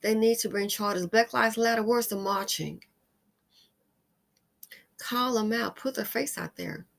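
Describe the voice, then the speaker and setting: A woman hosting her own commentary channel, talking emphatically and with emotion, sometimes sinking into a tired hush. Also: fairly high pitch, measured pace, vocal fry. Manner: emphatic, heated, sometimes drops to a weary hush. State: upset and emotional. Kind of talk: opinionated commentary monologue.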